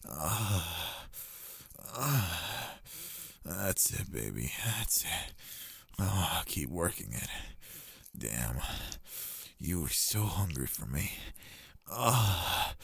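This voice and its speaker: A man with a low, gravelly and husky voice performs a dominant adult role-play, speaking very slowly. He gives commands in a coaxing way, with groans and heavy breathing between phrases. The sound is close and dry, with no room around it. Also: no room sound.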